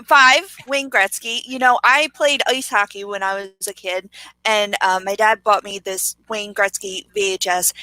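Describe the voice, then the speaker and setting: A woman's voice: mid-range voice, fairly even intonation, unhurried, bright, forceful tone, dry recording, low-quality recording. A woman co-hosting a talk show, chatting eagerly and bubbly about her favorites. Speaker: co-host. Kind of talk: casual chat.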